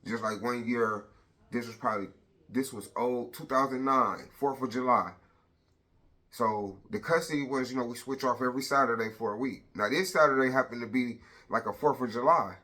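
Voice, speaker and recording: Bright-voiced man telling a blunt story. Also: mid-range voice, normal speed. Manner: blunt, profane, animated retelling. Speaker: father telling his story. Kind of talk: casual storytelling vlog.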